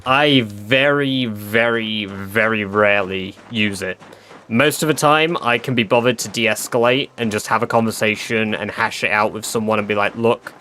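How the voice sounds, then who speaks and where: Chatty man with a bright voice. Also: on the low side, normal speed. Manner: chatty, swearing, filler-heavy. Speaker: streamer. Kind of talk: casual storytelling to a live stream.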